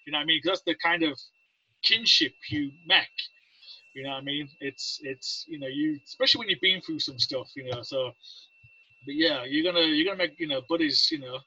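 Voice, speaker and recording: High, bright-voiced English man telling stories. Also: brisk, husky, dry recording, dull audio. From England. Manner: rambling, anecdotal, acts out quotes. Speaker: podcast guest, Navy veteran. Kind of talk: casual storytelling.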